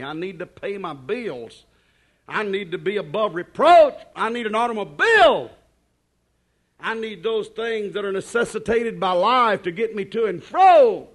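High-pitched man preaching with wild swings. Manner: swings between hushed asides and shouted declarations; repetitive, emphatic preaching cadence. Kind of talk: sermon.

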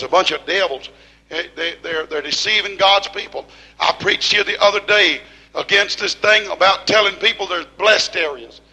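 High, bright-voiced fiery preacher man. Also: rough recording. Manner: preaching with rising shouts and slow emphatic repeats. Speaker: pastor. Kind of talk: fiery sermon.

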